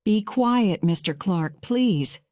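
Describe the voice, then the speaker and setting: A stern male judge calling a courtroom to order in a storybook, read by a woman. Slow, mellow and dry. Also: mid-range voice, lively intonation, no echo. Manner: measured, slow graded-reader delivery.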